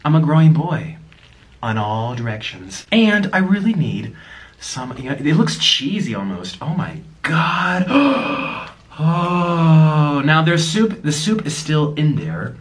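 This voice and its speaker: A man's voice: a little high, big pitch swings, slow. A young man chatting casually as he eats on camera, gushing and cooing at his pets in baby talk. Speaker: vlogger. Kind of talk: casual mukbang chat.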